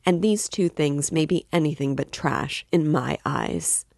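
A woman's voice: deep voice, a little slow, gravelly, a little mellow, dry recording, studio quality, full character voice. A woman reading aloud voices a tense, defensive young male student who covers his nerves. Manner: guarded, feigning irritability.

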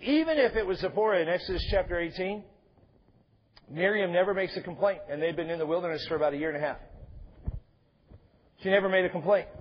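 Husky-voiced preacher man, lo-fi church recording. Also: high-pitched, fast, long pauses. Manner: conversational preaching with joking asides. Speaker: pastor. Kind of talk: sermon. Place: church sanctuary.

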